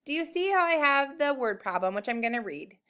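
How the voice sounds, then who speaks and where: Young woman teacher, high and bright, encouraging and slow for young kids. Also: very animated. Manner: upbeat, encouraging, slow and clear. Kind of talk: recorded math lesson for young children.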